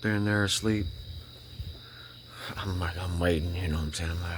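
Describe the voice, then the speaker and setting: Deep-voiced man giving an emphatic testimony. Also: steady tone, noisy background. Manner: emphatic, repeats himself, keeps checking in with "right?" and "you know?"; halting restarts when emotional. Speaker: vlogger sharing a personal faith testimony. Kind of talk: casual spoken testimony.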